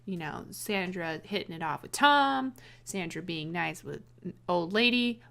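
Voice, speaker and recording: A woman rambling casually about how she would rewrite a film, sarcastic, with quick restarts. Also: fairly low pitch, lively intonation, gravelly, fairly bright tone. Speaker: video essayist.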